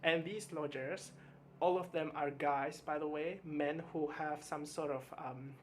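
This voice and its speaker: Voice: medium pitch, fairly even intonation, a little slow. Book vlogger, casual review chat, stammering restarts, candid, faint hum behind. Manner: hesitant, with frequent stammered restarts and fillers; candid and mildly exasperated about books.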